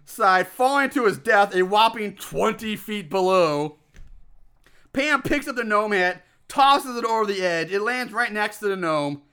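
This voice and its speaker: Podcast co-host, male, high bright voice, yelling profane rant style. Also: clean tone. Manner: loud, ranting, swears a lot. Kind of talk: profane casual movie recap.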